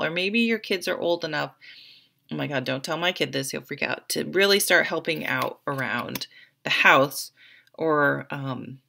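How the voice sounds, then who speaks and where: A tarot reader with a low, unhurried voice, vocal fry and a pushed, bright tone gives a chatty, encouraging reading straight to camera, with plenty of fillers.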